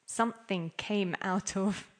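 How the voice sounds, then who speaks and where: A woman leads an interactive scripture class, quizzing her listeners in a playful way and laughing often. She speaks slowly at a medium pitch.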